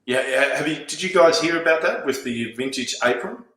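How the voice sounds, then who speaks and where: A man's voice: mid-range voice, a little fast, a bit bright. A man hosting a podcast, talking loosely with plenty of ums while he looks for a clip. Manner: loose, hesitant, full of ums. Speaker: podcast host. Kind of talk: casual banter. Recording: roomy echo.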